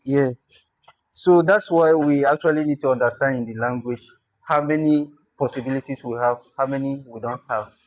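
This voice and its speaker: A man teaching a language class, explaining patiently and repeating words slowly. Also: mid-range voice, dry recording. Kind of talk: classroom lesson.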